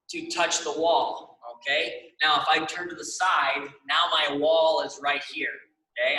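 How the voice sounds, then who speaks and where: A man's voice: fairly high pitch, pushed and bright, roomy sound, far from the mic, poor audio. A young man leading a stretching class, upbeat and encouraging, often checking in with the class. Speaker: exercise class instructor.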